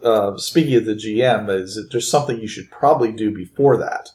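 A man running a tabletop game as game master, narrating haltingly with many restarts. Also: lowish voice, darkish tone. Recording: echoey room.

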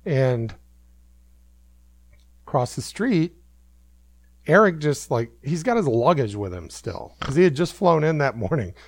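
Rambling, gravelly male host, animated storyteller, dry close mic. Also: fairly high pitch, unhurried, long pauses, no room sound. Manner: rambling, self-amused, many fillers. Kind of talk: casual storytelling.

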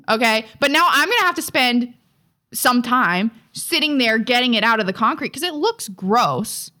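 A young woman co-hosting a podcast in casual chat, animated and exaggerated, swearing freely as she tells a story. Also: on the high side, moderate pace. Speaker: podcast co-host.

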